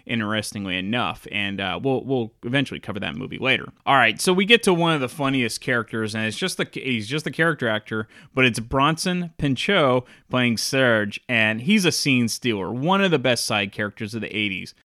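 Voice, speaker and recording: A man's voice: medium pitch, lively intonation, brisk, few pauses, sharp tone, dry recording, studio quality. A man hosting a casual film review, talking in a chatty, enthusiastic way. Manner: chatty, enthusiastic, with frequent restarts. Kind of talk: casual commentary.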